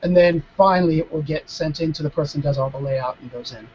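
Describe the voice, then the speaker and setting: High-voiced man telling stage stories. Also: quick pace, highs cut off, a little hiss or hum. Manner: animated, acting out dialogue, frequent restarts. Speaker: mentalist guest. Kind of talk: casual storytelling Q&A. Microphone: video call.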